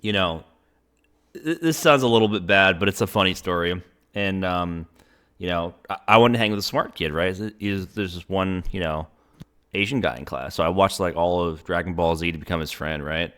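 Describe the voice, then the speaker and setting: Brief: young male interviewer, deep voice, loose rambling delivery. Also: moderate pace, a bit bright, clean tone. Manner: rambling, many fillers and restarts. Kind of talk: casual conversation.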